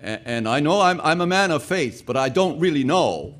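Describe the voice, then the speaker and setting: A man's voice: on the high side, animated, normal speed, a bit bright. A man playing a hesitant, humble father. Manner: hesitant, stammering. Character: humble older father, man of faith, unsure.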